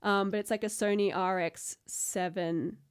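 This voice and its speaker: A woman, a guest photographer chatting casually and telling an excited story with high-pitched acted-out quotes. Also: measured pace, clear, resonant tone. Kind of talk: casual chat.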